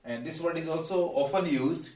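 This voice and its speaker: A man teaching English pronunciation, pausing on fillers and repeating words slowly. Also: a little high, darkish tone, far from the mic. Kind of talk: pronunciation lesson. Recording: echoey room, voice away from mic.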